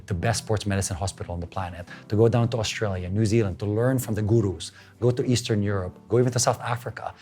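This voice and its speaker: A middle-aged Filipino man, appearing as an interview guest, tells his story in English sprinkled with Tagalog phrases. His voice is lowish, and he's animated, acting out the lines other people said.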